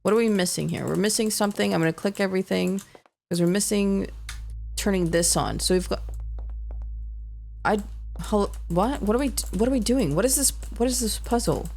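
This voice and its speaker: A woman's voice: medium pitch, brisk, gravelly, long pauses, darkish tone. A young woman streaming a horror game, exasperated and sarcastic, talking to her chat. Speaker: gaming streamer. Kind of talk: let's-play commentary.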